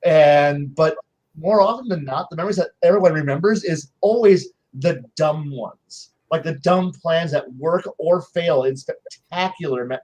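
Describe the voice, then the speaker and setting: On a panel, a man with a fairly high-pitched voice tells game stories in casual chat at an unhurried pace. His anecdotes are animated, full of restarts, and he acts out his players' lines.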